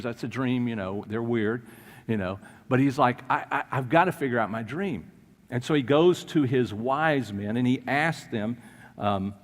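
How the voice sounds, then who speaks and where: In a church hall with long reverb, an animated male pastor of medium pitch delivers a sermon. He tells stories vividly, acting out the voices he quotes.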